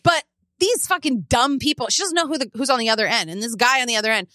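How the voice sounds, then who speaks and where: A woman co-hosting a podcast in the studio, telling stories in a casual, animated way and acting out quotes, with casual swearing. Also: fairly high pitch, fast talker, dry recording. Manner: animated storytelling, acts out quotes, swears freely. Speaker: podcast co-host. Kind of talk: casual chat.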